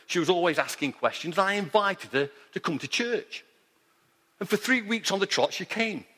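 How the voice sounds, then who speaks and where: A man preaching to his congregation in a slightly high voice, telling stories earnestly and hammering home his point. His words ring out with the long reverb of a large hall. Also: bright, forceful tone. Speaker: pastor. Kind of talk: sermon.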